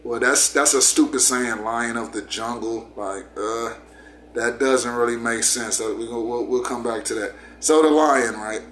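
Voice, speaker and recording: A man's voice: mid-range voice, moderate pace, a bit bright, a little hiss or hum. A man hosting his channel, talking casually and telling a story in a laid-back, repetitive way. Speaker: channel host.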